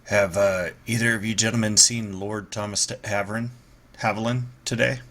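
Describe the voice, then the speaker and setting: A man with a very deep, flat voice speaks in character at a tabletop game, bright in tone and halting, with plenty of "uh"s. A faint noise runs underneath. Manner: hesitant, halting, many fillers. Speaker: player.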